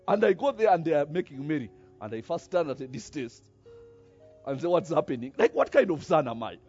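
Animated man preaching, husky voice. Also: a little high, brisk, highs cut off, soft background music. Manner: animated, many rhetorical questions, tag "eh?". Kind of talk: sermon.

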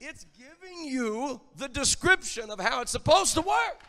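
A man preaching a sermon, emphatic and rising to shouted lines. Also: very high-pitched, lively intonation, measured pace, in a large hall, a crowd in the background. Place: church.

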